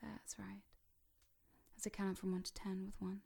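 A woman guiding a hypnosis session, dropping to slow whispers to sink the listener and lifting her voice to wake them, counting slowly. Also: mid-range voice, flat delivery, creaky, breathy edge. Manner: switches between sinking whispers and bright rising calls.

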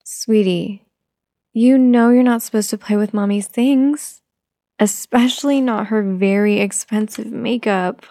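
A woman playing a gentle, patient young mother who softly coaxes her toddler, in a whispered role-play. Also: medium pitch, steady tone, measured pace, no room sound, close to an everyday voice. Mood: soothing. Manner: soft, coaxing, motherly.

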